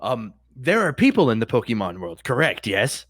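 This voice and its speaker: A man bantering on a podcast, animated, teasing and argumentative. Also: medium pitch, normal speed, dry recording.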